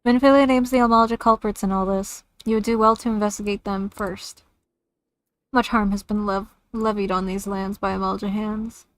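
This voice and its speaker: A woman reads out a dutiful camp leader from a fantasy game, formal and steady in his lines. The voice sits at an ordinary middle pitch, earnest rather than theatrical. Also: lightly acted. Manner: formal, measured reading of game dialogue. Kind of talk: reading game dialogue aloud.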